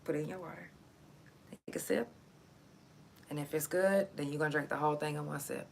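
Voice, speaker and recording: A woman's voice: deep voice, fairly quick, vocal fry, a little hiss or hum. A woman hosting a live chat show, telling stories in a loose, profane way, laughing often and stretching words out for emphasis. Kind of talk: casual storytelling to a live audience.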